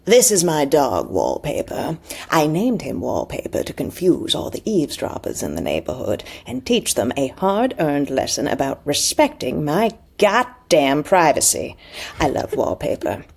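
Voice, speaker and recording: Woman doing a gravelly Southern old grandma. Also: low-pitched, sing-song, unhurried, a little mellow, full character voice. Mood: drawling. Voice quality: gravelly, croaky.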